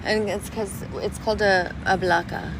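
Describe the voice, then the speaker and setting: A woman's voice: medium pitch, steady tone, normal speed. A woman giving a rambling, playful monologue outdoors on a city street, now and then breaking into sing-song. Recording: street traffic noise behind. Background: passing cars.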